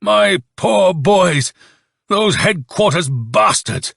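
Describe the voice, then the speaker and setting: A man's voice: high-pitched, lively intonation, extremely slow, vocal fry, fairly bright tone, no room sound, clean studio sound, voice pushed up, full character voice. A man voicing a fierce, commanding male army colonel who barks his orders like a bugle call, in an audiobook reading. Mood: anguished.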